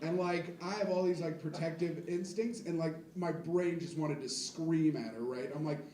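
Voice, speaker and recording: A man's voice: a little high, moderate pace, few pauses, recorded from a distance. A man in his twenties doing a crude, self-deprecating stand-up set with rambling asides to the crowd, on a comedy club stage. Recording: echoey club miked from afar, loud crowd.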